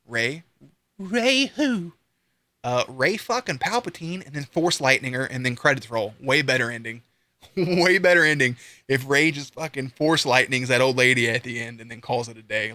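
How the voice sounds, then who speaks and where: A young man streaming live, ranting casually with lots of swearing and sudden high-pitched outbursts. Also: no room sound. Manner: profane, animated, swings into high-pitched outbursts.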